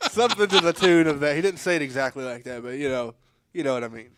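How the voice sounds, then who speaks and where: A man's voice: a little high, steady tone, brisk, fairly bright tone, no echo. A man co-hosting a radio talk show, with easygoing, casual talk. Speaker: radio co-host. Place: radio studio.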